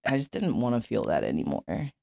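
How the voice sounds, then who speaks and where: A woman's voice: rumbling low, very animated, a little fast, creaky, a little mellow. A young woman as an interview guest, telling her life story candidly and bluntly, with frequent swearing and fillers. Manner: blunt, profane, many fillers.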